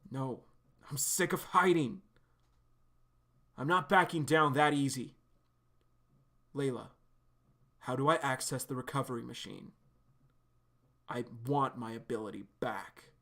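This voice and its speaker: A man voicing a frantic, defiant young man who shouts in desperation. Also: medium pitch, a little slow, pauses often. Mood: grim.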